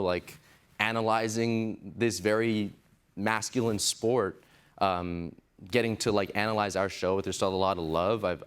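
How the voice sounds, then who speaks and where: A man's voice: fairly low pitch, a bit bright, clear, resonant tone. A young man, an actor guest on a late-night talk show, laid-back and giggly, full of likes and ums. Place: television studio with audience.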